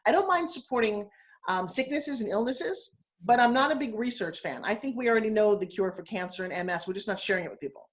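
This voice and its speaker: A woman's voice: mid-range voice, lively intonation, fast talker. A woman of sixty, a guest on a live video interview, talking bluntly and emphatically. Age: 60s.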